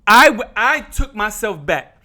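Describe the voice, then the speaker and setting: A middle-aged man from New Jersey recounts a personal story to his viewers. His voice sits high and swings widely, with a bright edge. He preaches more than he chats, repeating and restarting phrases and calling out to his brothers and sisters. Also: very animated, measured pace. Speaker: vlogger.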